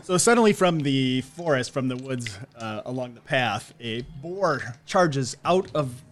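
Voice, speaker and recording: Man, game master, casual halting narration, faint music behind. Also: medium pitch, expressive.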